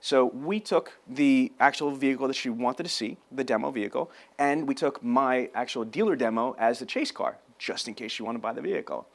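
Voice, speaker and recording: A man giving an energetic sales training talk on camera, telling stories and acting out phone calls. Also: mid-range voice, a little fast, gravelly, few pauses. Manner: animated storyteller, acts out phone calls.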